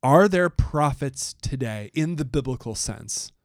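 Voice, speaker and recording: A man's voice: mid-range voice, expressive, darkish tone, no room sound. Man, podcast co-host, casual chat, jokey, dry studio sound. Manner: reads quotes aloud slowly, jokey.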